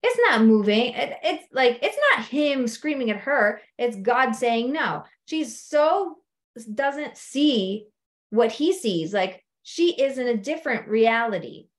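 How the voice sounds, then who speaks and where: A woman coach telling stories from her clients in an animated, conversational way, often checking in with her listeners. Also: on the high side, slow. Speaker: life coach. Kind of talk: storytelling coaching talk.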